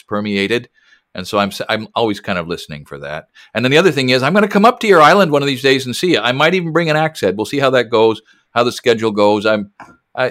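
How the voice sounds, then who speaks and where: A man's voice: mid-range voice, fairly bright tone. A man in his sixties with a mid-range voice. He co-hosts in a chatty, reflective way and often restarts his sentences. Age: 60s. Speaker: co-host. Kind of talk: casual interview.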